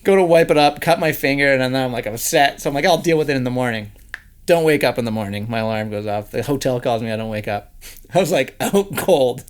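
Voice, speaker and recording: A man from Canada, a podcast guest telling stories in casual chat, animated and laughing often. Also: mid-range voice, brisk, clean tone. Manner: animated storyteller who laughs often and puts on quoted voices.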